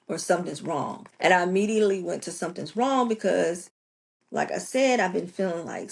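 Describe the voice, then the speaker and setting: A woman's voice: medium pitch, gravelly, husky. A woman, hosting a podcast and telling a personal story with emotion, acting out the voices of the people in it. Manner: emotional, acts out quoted voices. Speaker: podcast host.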